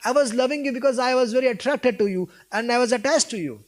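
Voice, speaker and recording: A man's voice: extremely high pitch, fast. A man giving a devotional talk, retelling a scripture story and voicing its characters with feeling. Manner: asks listeners questions. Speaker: preacher.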